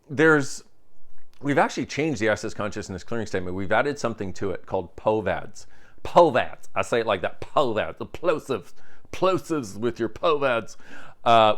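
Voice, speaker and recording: A tired man talks straight to camera in a loose, rambling way, his pitch swinging up and down all the time. He jokes, breaks off and restarts his thoughts, and sounds like a self-help teacher giving a casual update. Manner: rambling, self-interrupting, jokey.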